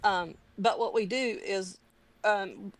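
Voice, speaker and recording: A woman's voice: mid-range voice, slow pace. A woman talking in a casual, heartfelt chat on a live stream, earnest and rambling, near tears as she thanks a friend. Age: adult parent.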